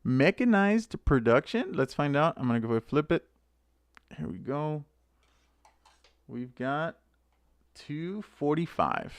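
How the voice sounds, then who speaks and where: A man hosting a casual live stream, chatting excitedly to viewers by name as he opens card packs. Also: a little high, slow, long pauses, clear, resonant tone, no room sound. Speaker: channel host opening card packs.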